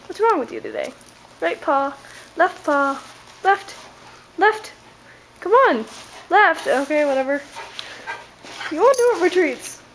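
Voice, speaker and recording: Woman, home video, very high sing-song pet talk, slow and unhurried, light background noise. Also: very animated. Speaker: dog owner filming her pet. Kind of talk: baby talk to a dog. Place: home, indoors.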